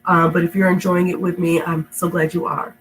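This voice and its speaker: A woman's voice: on the low side, little pitch movement, a little fast, faint music behind, poor audio. Sick-sounding woman reading stories to kids. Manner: rambling, affectionate, laughs often. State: sick, stuffy voice. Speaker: storytime reader. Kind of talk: reading aloud to kids, then casual chat. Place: home indoors.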